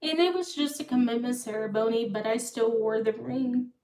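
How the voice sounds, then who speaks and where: A woman's voice: a little high, normal speed, darkish tone. A young woman hosting a livestream, telling a long personal story casually, circling back and repeating herself. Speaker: livestream host. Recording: echoey room, far from the mic.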